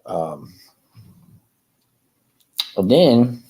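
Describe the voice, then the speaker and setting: A man's voice: mid-range voice, big pitch swings, very slow, mellow, rough recording. A man chatting casually on a live stream about his ventriloquist act, rambling and hesitant with many fillers and restarts, chuckling often between thoughts.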